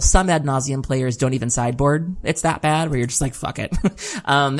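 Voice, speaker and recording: A woman co-hosting a podcast, telling a long story in casual chat, laughing often and filling pauses with "um". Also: a bass voice. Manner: chatty storytelling with frequent laughs and "um"s. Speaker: podcast co-host.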